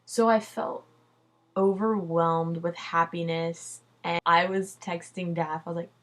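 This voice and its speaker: A woman's voice: fairly low pitch, fairly even intonation, a little slow, a bit bright. A young adult woman telling a personal story in a casual vlog, chatty and loose, full of "like" and "dude", swearing freely. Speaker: vlogger.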